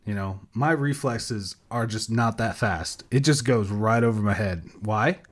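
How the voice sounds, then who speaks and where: A man's voice: lowish voice, unhurried. A sleep-deprived man co-hosting a podcast by himself, rambling casually, losing his thread and laughing at himself. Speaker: podcast co-host.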